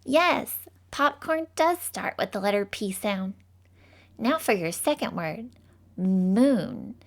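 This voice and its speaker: A woman teaching phonics to young children in a slow, sing-song, encouraging way, drawing out each sound. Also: mid-range voice, animated.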